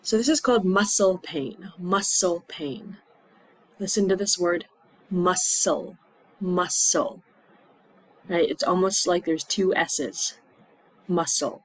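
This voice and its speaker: A woman teaching English to learners, repeating words slowly and acting out aches and symptoms with little groans. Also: fairly low pitch, breathy edge, no room sound, rough recording. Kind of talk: slow classroom explanation.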